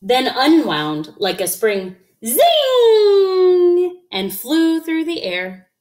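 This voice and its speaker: A woman's voice: mid-range voice, very animated, slow. A woman reading a children's picture book aloud, expressively, with sound effects. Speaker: storyteller.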